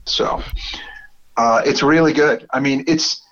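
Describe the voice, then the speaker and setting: Brooklyn guy, casual chat, excited and profane, dull lo-fi mic. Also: medium pitch, slow pace. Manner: enthusiastic, swears freely, rambling with restarts.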